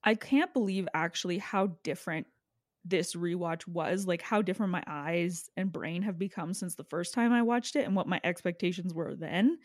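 A woman co-hosts a podcast, gossiping and snarking in casual chat and laughing a lot. Her voice is on the low side and her pace is moderate. The recording is dry and clean, like a studio.

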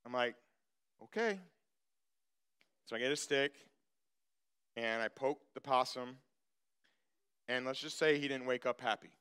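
A man's voice: mid-range voice, moderate pace, pauses often, smooth. A male pastor preaching a sermon and telling a personal story from his farm childhood. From grew up on a farm. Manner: storytelling, animated when acting out the story. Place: church.

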